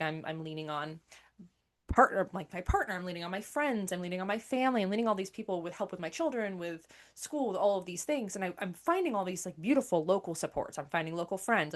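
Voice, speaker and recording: A woman's voice: fairly low pitch, expressive, fast. A middle-aged woman and spiritual teacher talking candidly about her own life, rambling with many restarts and fillers. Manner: rambling, emotional, frequent "like" and restarts. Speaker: spiritual teacher and single mother. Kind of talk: candid personal talk.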